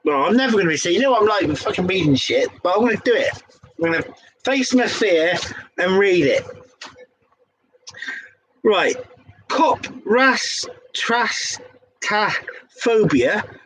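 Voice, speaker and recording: A young man from England with a Devon accent laughs and curses as he stumbles through the questions at a casual pub quiz. His high-pitched voice is a bit bright with a breathy edge, and the audio is poor.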